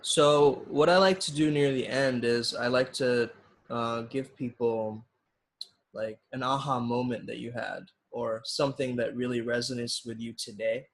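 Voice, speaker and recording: A man's voice: mid-range voice, fairly even intonation, unhurried. A man hosting a casual podcast interview, upbeat and affirming, laughing easily. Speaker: podcast host.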